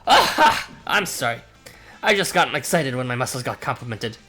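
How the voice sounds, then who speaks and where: A man voicing a huge, muscular bull-man businessman who flatters everyone in a booming, salesman-like way. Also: a little fast, soft background music. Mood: hammy.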